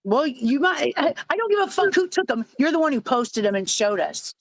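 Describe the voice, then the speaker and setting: A woman's voice: high voice, very animated, moderate pace, creaky, dry recording, low-quality recording. A woman arguing heatedly on a live stream panel, defensive and profane, often stumbling over her words.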